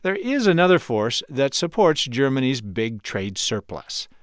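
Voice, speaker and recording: A male correspondent reads a scripted news report in a measured, clear way. His pitch moves a lot, and the studio sound is dry with no room echo. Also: big pitch swings. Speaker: radio correspondent.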